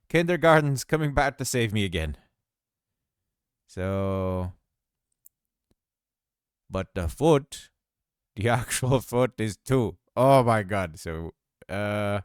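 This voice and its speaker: Slow, self-mocking man thinking aloud. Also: on the low side, clean tone, dry recording, studio quality. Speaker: game dev tutorial host. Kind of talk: casual screen-recorded tutorial.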